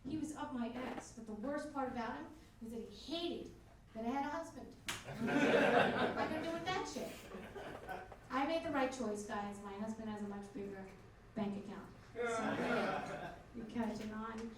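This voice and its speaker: A woman's voice: a little high, moderate pace. A woman doing a stand-up comedy set as host on a club stage, with crude punchlines and chatty asides to the crowd. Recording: echoey club from a distance with crowd noise.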